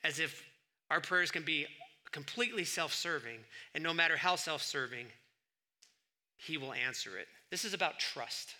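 A middle-aged man preaching a sermon, swinging between loud emphatic bursts and quiet asides. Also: a little high, lively intonation, moderate pace. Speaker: pastor.

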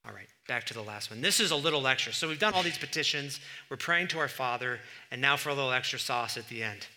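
A man preaching a sermon, animated, pushing louder for emphasis and breaking into conversational asides. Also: quick pace, noisy background. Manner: animated, rises in pitch and volume for emphasis.

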